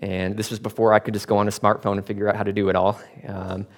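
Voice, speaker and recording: Male preacher, lowish voice, reads scripture then swells to emphatic points, relaxed when telling stories. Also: quick pace. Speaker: pastor. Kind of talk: sermon.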